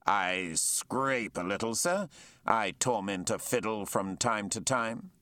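A man's voice: on the low side, lively intonation, takes it slowly, bright, forceful tone, dry recording, heavily acted. A man playing a bluff, hearty sea captain. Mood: genial. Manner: bluff, hearty, old-fashioned courtesy. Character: hearty male naval captain, genial and bluff.

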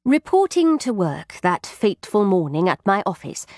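A woman narrating an audiobook with a lively, expressive reading. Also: mid-range voice, normal speed, dry recording, studio quality.

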